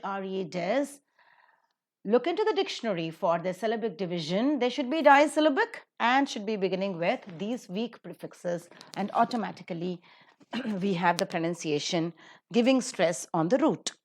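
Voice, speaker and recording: A woman with an Indian English accent teaching English word stress, reading word lists slowly and clearly and spelling out suffixes letter by letter. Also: mid-range voice, animated, a little mellow.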